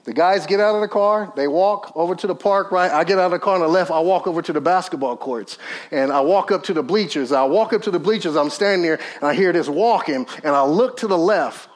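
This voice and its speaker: A man preaching a sermon, telling a story full of acted quotes, swinging from loud high peaks to low murmurs and calling out questions to the audience. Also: fairly quick. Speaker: pastor.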